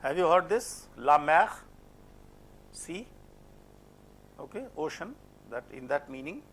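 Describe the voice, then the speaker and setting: A man's voice: a little high, very animated, measured pace, a little hiss or hum. A man with an Indian English accent lecturing a class on French pronunciation, asking questions and repeating words as a drill. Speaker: French phonetics teacher.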